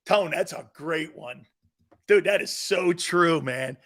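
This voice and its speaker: A middle-aged man hosting a sports talk show in casual chat, animated and loud at times, rambling and calling out to his crew. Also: fairly high pitch, slow pace. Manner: animated, loud bursts, calls out to studio crew; rambling, repeats words and restarts.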